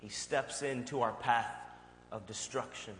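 A male pastor preaching a sermon and telling a personal story in a conversational, animated way. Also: medium pitch, measured pace. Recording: long hall reverb, faint hum.

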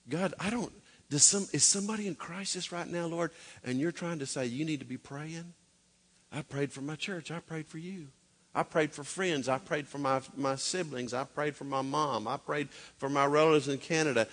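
A middle-aged man delivers a sermon with a bright, forceful tone. He swings between loud, urgent preaching and quiet, confiding storytelling. His voice trails off into a long hall reverb. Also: mid-range voice, lively intonation, moderate pace. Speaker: pastor.

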